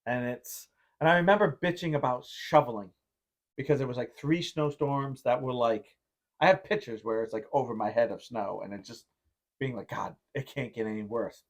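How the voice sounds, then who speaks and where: A podcast host with a mid-range voice talks at normal speed in casual conversation. He wanders through a long story, using "like" as heavy filler and playing out how he reacted before.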